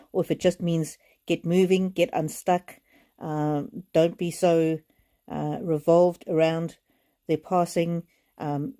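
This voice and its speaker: A woman with a lowish, mellow voice gives a live card reading, speaking softly and reassuringly to her viewers. Her talk is chatty and loose, full of fillers and sentences that trail off, and she is often on the edge of tears. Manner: gentle and reassuring, talks straight to viewers; emotional, close to tears. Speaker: oracle card reader.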